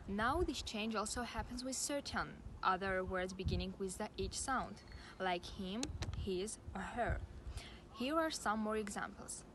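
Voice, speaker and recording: A woman's voice: mid-range voice, a little slow. A young woman student from Armenia, reading a phonetics rule steadily. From Artsakh, Armenia. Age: young adult. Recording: background noise.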